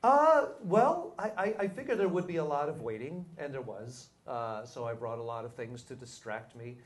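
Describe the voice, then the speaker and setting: Male podcast guest, average pitch, hesitant and stammering, self-deprecating humor. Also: lively intonation, normal speed. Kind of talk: casual interview chat.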